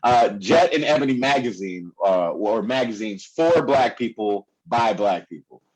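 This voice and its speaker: A man's voice: fairly low pitch, lively intonation, measured pace, breathy edge, rough recording. A man performing a stand-up comedy set on a club stage, rambling with lots of fillers and laughing at his own jokes. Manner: rambling, filler-heavy delivery.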